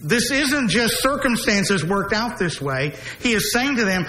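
A man delivers a sermon in a fairly high voice, slowing down and leaning hard on key phrases. He lets repeated refrains fall low and quiet. Faint noise sits under the recording. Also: very animated, low-quality recording. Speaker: preacher. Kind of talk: expository sermon.

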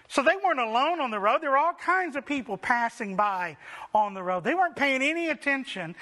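A male preacher with a very high, bright voice delivers a sermon. He leans on rhetorical questions and slows down for dramatic pauses.

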